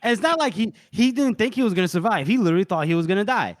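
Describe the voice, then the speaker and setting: A man's voice: high-pitched, expressive, racing, no room sound, studio quality. A man co-hosting a podcast, recapping a novel in rambling casual chat with many restarts. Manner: rambling, with frequent restarts and quoted lines. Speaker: podcast co-host.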